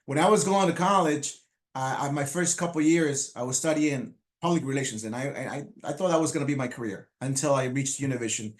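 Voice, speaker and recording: A man in his fifties whose first language is Spanish, giving a motivational speech about his life, halting with many restarts and fillers. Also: medium pitch. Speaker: motivational speaker. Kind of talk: personal storytelling speech.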